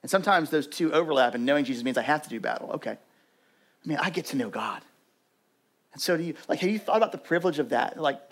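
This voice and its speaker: A man's voice: on the high side, lively intonation, quick pace, breathy edge. A young adult man preaching as a pastor, talking conversationally with lots of "like" fillers and building to urgent emphasis. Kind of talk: sermon.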